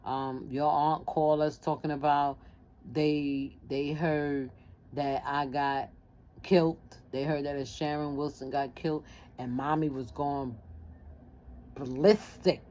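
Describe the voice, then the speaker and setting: A woman telling a personal story in casual talk, lively and acting out the voices of family members. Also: low-pitched, slow.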